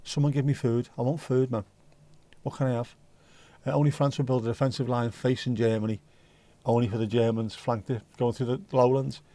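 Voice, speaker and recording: A man's voice: medium pitch, level tone, a little fast, warm tone. A tired man hosting a casual livestream, rambling and reacting to chat with the odd swear word. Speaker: livestream host.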